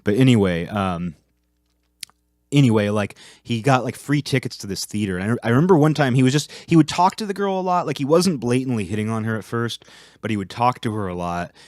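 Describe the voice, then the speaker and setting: A man's voice: mid-range voice, lively intonation, a little fast, a little mellow, no echo, studio quality. A young man in his twenties telling a long casual story, rambling with many fillers. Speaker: vlog host.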